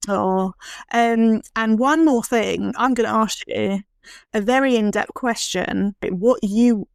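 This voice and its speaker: A young adult woman hosting a casual podcast conversation about baby loss, speaking candidly and getting animated when frustrated. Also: fairly high pitch, takes it slowly, creaky, no echo, studio quality. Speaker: podcast host.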